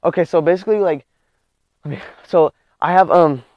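A young man pulling pranks in public, rambling in a halting, confused way with lots of fillers. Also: a little high, no room sound, highs cut off. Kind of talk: prank video, acting confused.

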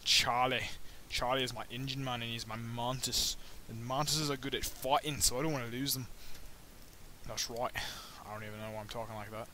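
Male gamer narrating his own playthrough: rambly, jokey, mid pitch, breaks into excited yelps, cheap mic with faint hiss. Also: brisk. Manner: rambling and joking, with sudden high excited yelps. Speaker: gameplay commentator. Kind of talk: let's play commentary. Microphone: new budget microphone.

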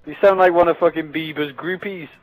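A man's voice: a little high, fairly even intonation, brisk, faint music behind, rough recording. Mocking young man on headset. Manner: mocking, sarcastic, swears freely. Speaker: gaming vlogger. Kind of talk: casual party chat.

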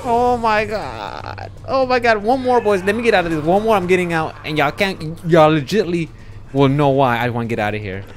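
A man streaming a live game, commenting excitedly, cursing and bursting into shouts. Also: fairly high pitch, quick pace.

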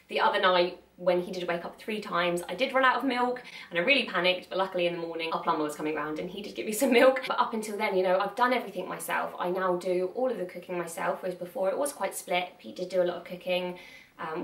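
A woman's voice: fairly low pitch, fairly bright tone, distant mic. A young woman talking candidly to camera in a chatty, earnest way, laughing often. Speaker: vlogger. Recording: echoey room, mic set back.

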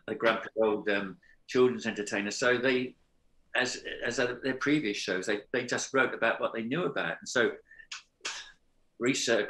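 An older man, a former cast member, reminiscing earnestly with halting ums and restarts. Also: mid-range voice, a bit bright, rough recording.

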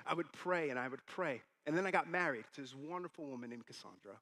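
A man's voice: a little high, quick pace, few pauses. A man in his thirties preaching a sermon as pastor, telling stories and acting out the quoted voices. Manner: animated storytelling, acting out quotes.

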